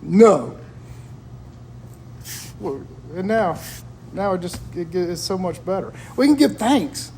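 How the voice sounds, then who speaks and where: A man with a voice pitched high for a man talks through personal stories in a relaxed conversational chat. He sounds earnest and reflective as he shares them. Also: slow, long pauses, slight background noise. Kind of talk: casual chat.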